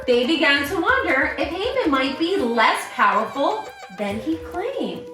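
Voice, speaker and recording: A woman's voice: high voice, very animated, unhurried. A woman reading a children's holiday story aloud as storyteller, playfully prompting listeners to cheer and boo. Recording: roomy sound from a distant mic, music behind.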